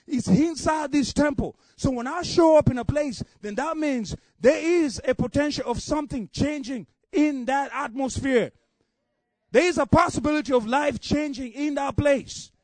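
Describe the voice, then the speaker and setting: An African man preaches a sermon in a strikingly high voice, his delivery fervent and rising. Repeated refrains swell into near shouts before he settles into a quieter storytelling tone. The recording is dry and close, with no room sound.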